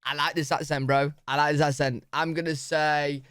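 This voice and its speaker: A young British man reacting to video clips in a casual, excitable, slang-heavy way. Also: fairly high pitch, normal speed, clean tone, no room sound, studio quality. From Britain. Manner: excitable, slangy, says "bro" a lot.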